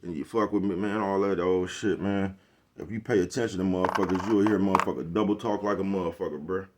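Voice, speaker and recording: A man with a deep, low-set voice talks straight to camera in a loose, rambling rant. He is blunt and heavy on profane slang, circling back again and again to ask if you follow him. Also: fairly even intonation, fast talker, background noise. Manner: rambling, keeps asking "you know what I'm talking about". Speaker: vlogger. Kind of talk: casual monologue rant.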